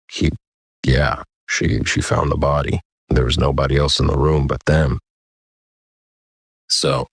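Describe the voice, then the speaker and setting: A man's voice: very deep voice, husky, no echo, clean studio sound. A young man hosting a podcast, telling a story in a rambling, slangy, laid-back way. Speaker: podcast host. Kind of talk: casual storytelling.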